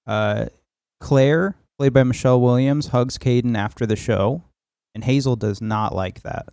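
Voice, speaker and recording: A man with a warm, mellow voice walks through film scenes in a rambling, casual style as a podcast co-host, swearing now and then. The recording is dry and close. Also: mid-range voice, fairly even intonation, normal speed, smooth, no echo. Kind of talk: casual film review chat.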